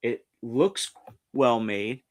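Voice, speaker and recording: Streamer host, New man, mid-pitched, chatty and rambling, restarts often. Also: very slow. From New York. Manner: rambling, frequent restarts and self-corrections. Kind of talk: casual pop culture commentary, reading articles aloud. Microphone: streaming setup mic.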